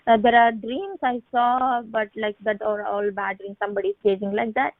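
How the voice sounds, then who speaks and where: A woman around thirty giving a halting personal faith testimony on a phone call, with many restarts and repeated words. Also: on the high side, fairly even intonation, dry recording. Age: late 20s to 30. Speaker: testimony speaker on a prayer line. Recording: tinny phone line, dry.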